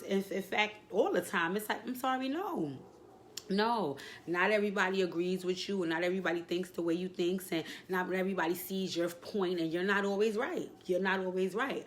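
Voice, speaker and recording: A woman with a slightly low voice shares a heartfelt personal vlog, her talk emotional and reflective as she fights back tears. A faint hum of room noise sits behind her. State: tearful. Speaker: vlogger.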